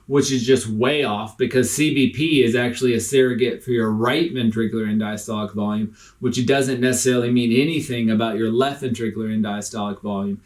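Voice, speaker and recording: A man's voice: medium pitch, a little mellow. A man explaining critical care medicine in a recorded lecture over slides, casual and explanatory, with frequent fillers.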